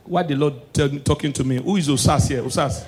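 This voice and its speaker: A man with a Nigerian Pidgin English accent performing a stand-up comedy set, swinging between hushed preachy asides and shouted punchlines. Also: on the high side, a little fast, a little hiss or hum.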